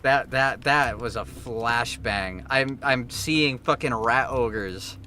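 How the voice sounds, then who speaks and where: Excitable, swearing male game streamer. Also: medium pitch, slow pace, a little hiss or hum. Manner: excitable, profane, joking. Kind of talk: live gameplay commentary. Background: game music.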